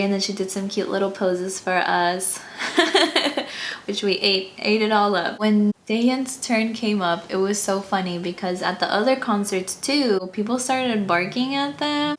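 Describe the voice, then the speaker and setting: A young woman vlogger from Texas chats her way through a recap, gushing and giggling as she goes. Her voice sits in a middle range for a woman. A faint hiss of noise lies under the close mic. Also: medium pitch. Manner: gushing, giggly, quotes people in little voices. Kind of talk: casual chatty recap.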